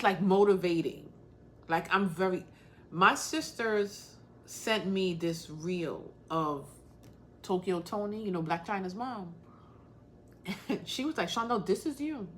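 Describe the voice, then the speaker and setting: A woman's voice: medium pitch, a bit bright, a little hiss or hum. A woman hosting a casual crafting livestream, talking bluntly and straight to the point while calling out viewers by name.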